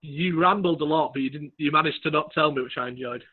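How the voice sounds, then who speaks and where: Brief: male co-host, wry and teasing, husky, phone-quality line. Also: on the high side, quick pace. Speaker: podcast co-host. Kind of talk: casual chat.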